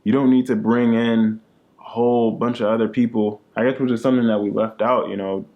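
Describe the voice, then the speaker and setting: A man's voice: mid-range voice, flat delivery, a little fast, highs cut off. A young man co-hosting a casual chat with his wife, laid-back and joking, often tagging his lines with "man". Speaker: co-host, husband.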